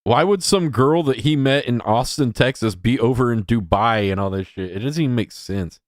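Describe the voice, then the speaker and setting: A man's voice: medium pitch, normal speed, dry recording, soft background music. A man streaming a crude, profane reaction commentary, scornful and rambling.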